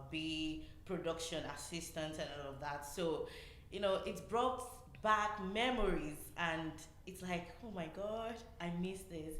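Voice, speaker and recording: A woman from a podcast team speaks slowly and hesitantly, with a bright, low-set voice. The room is echoey, with faint background noise. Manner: slow, hesitant, with many fillers. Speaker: podcast production assistant. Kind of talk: casual podcast conversation.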